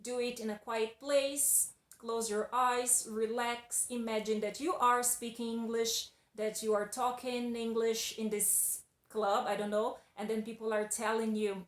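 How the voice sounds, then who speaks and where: A woman's voice: a little high, flat delivery, a little slow, hardly any pauses, echoey room. A Brazilian woman with a Portuguese accent, a native Portuguese speaker, giving an emphatic, casual English lesson as a teacher. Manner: emphatic and loud.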